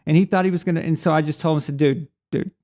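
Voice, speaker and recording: Racing along in a steady, darkish voice on the high side, a middle-aged man hosts a live sports stream and reads super chats. His talk is casual and rambling, full of restarts, and he acts out the voices of anyone he quotes.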